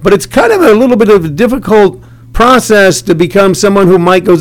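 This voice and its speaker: High-voiced rambling talk-show host. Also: male voice, expressive, a little fast. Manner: rambling, jokey, many restarts. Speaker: radio host interviewing comedians. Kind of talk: casual interview chat.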